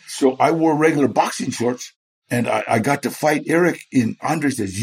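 A man's voice: medium pitch, moderate pace, a little mellow, breathy edge. A man, a guest in an interview, telling stories animatedly, acting out the people he quotes and laughing often. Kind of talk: storytelling in a chat interview.

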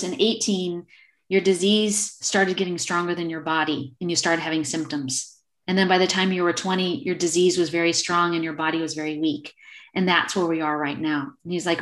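A woman in her fifties, an acupuncturist guest on a video call, telling a story and acting out the quoted exchanges. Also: lowish voice. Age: 50s. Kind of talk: casual storytelling interview.

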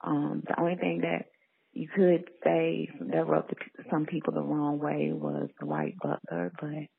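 Gravelly woman caller on a phone line. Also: sits low. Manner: soft, halting, with many restarts. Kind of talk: voicemail message.

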